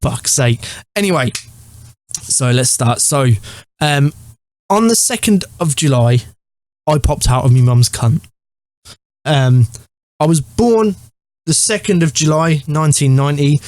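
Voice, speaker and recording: A man's voice: fairly high pitch, a little slow, long pauses, darkish tone, dry recording. Crude, joking young English man. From England. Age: 20s. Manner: crude, swearing constantly, rambling and joking. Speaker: gaming YouTuber. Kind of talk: casual storytelling to camera.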